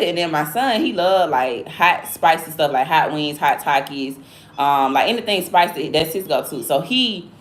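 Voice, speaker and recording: A woman's voice: low-pitched, animated, normal speed. A woman with a Southern accent from Alabama, hosting a casual livestream chat in a blunt, slangy, rambling way. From Alabama, USA. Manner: blunt, slangy and chatty, drifting between stories. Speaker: livestream host.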